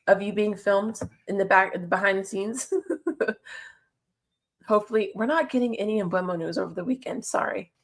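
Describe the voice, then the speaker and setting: A woman's voice: mid-range voice, a bit bright. Chatty woman streamer. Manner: chatty, laughs often, answers chat messages. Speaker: livestreamer. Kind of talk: casual livestream chat.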